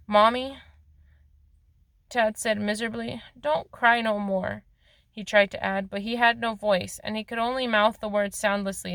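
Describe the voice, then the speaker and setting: A woman's voice: on the high side, fairly bright tone, no room sound. Woman reading a novel aloud, dry sound. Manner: plain reading with occasional slips and restarts. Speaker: reader of a novel.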